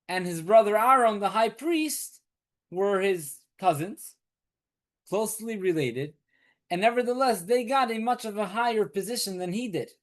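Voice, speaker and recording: A high-pitched rabbi runs a weekly Torah session for a small group, explaining patiently and circling back to key points. Along the way he asks rhetorical questions and turns to question his students.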